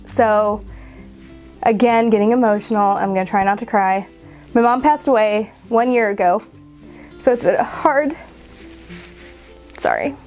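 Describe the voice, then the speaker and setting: A woman's voice: medium pitch, normal speed, pauses often, darkish tone, faint music behind. A woman in her twenties talking casually to camera, emotional and close to tears, with laughs between her words. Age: 20s. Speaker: vlogger.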